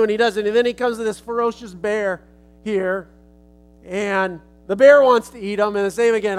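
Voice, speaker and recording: A male preacher with a high-pitched voice retells a children's tale in a folksy, casual way as a sermon illustration. A faint instrument plays softly behind him. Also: moderate pace, clean tone, soft background music.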